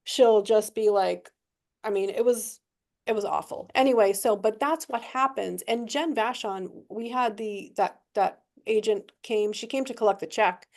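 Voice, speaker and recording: A middle-aged woman telling a true work story in a training session, animated and swearing, acting out what people said. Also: mid-range voice, measured pace. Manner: animated, swearing, acts out quoted voices. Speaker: real estate agent.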